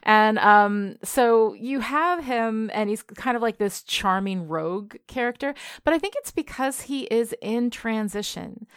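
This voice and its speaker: A woman's voice: a little high, measured pace, hardly any pauses, clean tone, dry recording, studio quality. A woman co-hosting a casual film discussion, talking in a chatty way with many "like"s and "you know"s. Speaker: podcast co-host.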